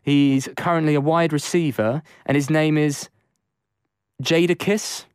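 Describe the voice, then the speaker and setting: A man's voice: a little high, steady tone, unhurried, darkish tone, clear, resonant tone, dry recording, clean studio sound. A man with an English accent, co-hosting a casual sports podcast, chatty with lots of fillers and restarts. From England. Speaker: podcast co-host.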